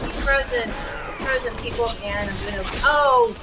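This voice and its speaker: A woman streaming a game live, chatting excitedly and squealing at wins. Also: on the high side, normal speed. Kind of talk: live gameplay commentary. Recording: game music in the background. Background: music.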